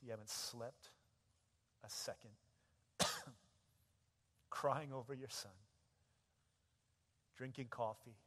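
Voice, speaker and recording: Impassioned preacher in a reverberant hall. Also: male voice, mid-range voice. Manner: dramatic storytelling, builds to loud impassioned shouting. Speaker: pastor. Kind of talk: sermon. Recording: echoey hall with long reverb.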